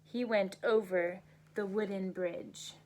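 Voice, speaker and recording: A woman teacher reading a bedtime story aloud to children, gentle and unhurried, sounding out the story's noises. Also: mid-range voice, steady tone, slight background noise.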